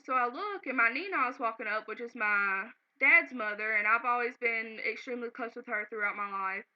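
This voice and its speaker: A woman's voice: on the high side, normal speed. Earnest woman vlogging, dull lo-fi sound. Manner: earnest, sometimes close to tears. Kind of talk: casual emotional storytelling to camera. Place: home. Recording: slightly dull, lo-fi home video.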